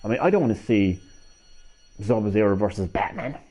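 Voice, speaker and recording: This streamer's voice is on the low side, animated, darkish, and slightly rough, at normal speed. He chats with viewers in a rambling way, stammering and swearing casually as he veers from hyper to drowsy, over slightly dull lo-fi audio.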